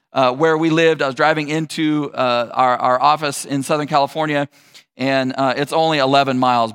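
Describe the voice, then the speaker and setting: A male pastor giving a conversational sermon, telling a personal story with animated asides. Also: a little high, clear, resonant tone.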